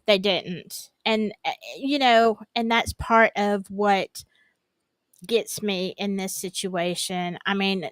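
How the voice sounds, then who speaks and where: A woman's voice: medium pitch, no room sound. A woman with a Southern accent hosting a casual true-crime livestream, rambling and greeting her viewers by name.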